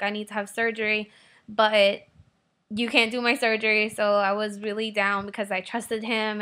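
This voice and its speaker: A woman's voice: medium pitch, a bit bright. A young woman talking candidly in a personal video diary, rambling with many fillers. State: tearful at times. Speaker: vlogger.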